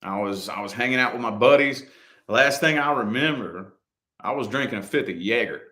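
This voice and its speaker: A man's voice: mid-range voice, a little fast, sharp tone. A man chatting casually as a vlog co-host, telling a personal story in a loose, profane way and repeating his phrases as he goes.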